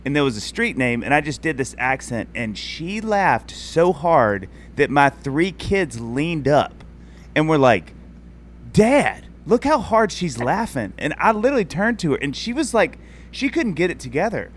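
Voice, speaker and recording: A man in his forties hosting a casual podcast chat, enthusiastic and quick to laugh as he retells family moments. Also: a little high, big pitch swings, fairly bright tone, a little hiss or hum. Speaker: podcast host.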